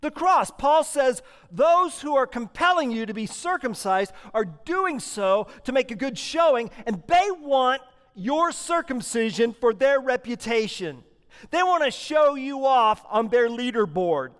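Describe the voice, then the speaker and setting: A man's voice: very high voice, expressive, a little slow, a bit bright, smooth, long reverb tail. A man preaching a sermon, emphatic and rhetorical, with punchy repeated lines.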